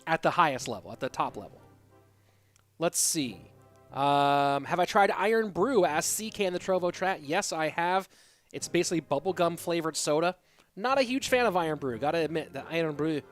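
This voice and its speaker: High-voiced chatty esports caster. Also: male voice, normal speed. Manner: chatty, reads and answers chat between excited play calls. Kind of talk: solo live esports commentary with chat reading. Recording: loud music behind voice.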